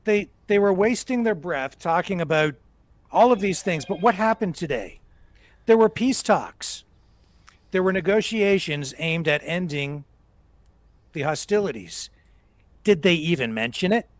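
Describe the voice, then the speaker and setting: A man's voice: high voice, animated, measured pace, long pauses, dry recording. A man hosting live political commentary, emphatic and ranting, hammering his points through repetition.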